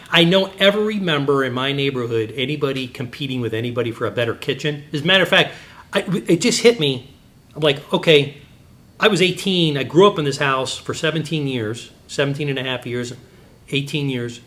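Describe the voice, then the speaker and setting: A middle-aged man giving a Christian apologetics teaching talk, telling animated, digressive personal stories with sudden jumps in pitch.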